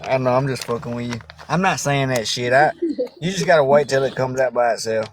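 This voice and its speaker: A man's voice: medium pitch, a crowd in the background. A man swearing and joking casually with friends on a livestream. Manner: profane, joking, quick to tease. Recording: livestream call audio.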